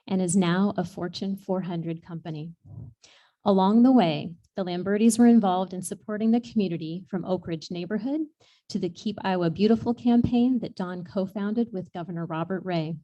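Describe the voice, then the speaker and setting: A woman's voice: lowish voice, normal speed, mellow, highs cut off. A woman presenter reading prepared introductions of honorees at an awards event.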